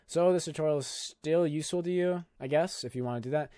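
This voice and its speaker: A man's voice: a little high, fast talker, mellow, smooth, no room sound, clean studio sound. A young man hosting a casual screen-recorded video editing tutorial, talking in a loose, jokey, filler-heavy way. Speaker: YouTube tutorial host.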